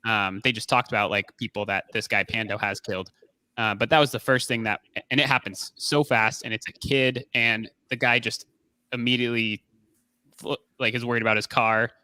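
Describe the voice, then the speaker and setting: A man's voice: on the low side, steady tone, normal speed, sharp tone, clean tone. Rambling male podcast co-host. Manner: rambling, many fillers and restarts. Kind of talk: casual movie review chat.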